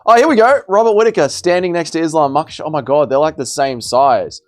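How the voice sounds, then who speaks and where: A man's voice: fairly high pitch, quick pace. A young man hosting a casual livestream, bantering as he reads and answers viewers' chat messages. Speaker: livestream host.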